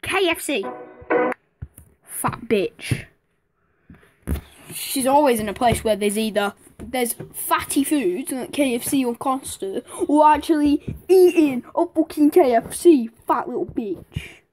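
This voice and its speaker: A woman's voice: high-pitched, slow pace, dark tone, slight background noise. A woman with a Manchester accent giving casual reaction commentary, blunt, sarcastic and swearing freely. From Manchester, England. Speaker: streamer reacting to videos. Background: music from the played video.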